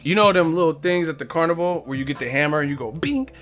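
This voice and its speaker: A young man hosting a casual live boxing stream, talking loud and profane, laughing often and mocking what he talks about. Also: on the high side, expressive, fast.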